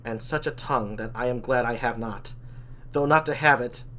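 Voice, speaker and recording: A man's voice: medium pitch, normal speed, fairly bright tone, lightly acted. A man reading an honest young princess. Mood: steady.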